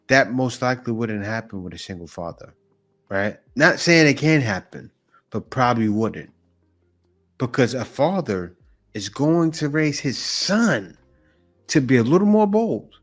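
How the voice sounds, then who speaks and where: A man hosting a reaction video, giving lively, mocking commentary on clips and repeating himself as he builds a point. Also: mid-range voice.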